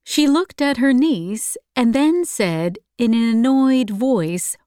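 Slow, calm woman narrating a novel. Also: a little high, no room sound, clean studio sound. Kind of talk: audiobook narration.

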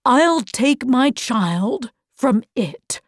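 A woman's voice: high voice, sing-song, drawn-out words, dry recording, clean studio sound, heavily acted. A woman voicing a determined, protective father in a storybook reading, in her own voice. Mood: firm. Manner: earnest, firm.

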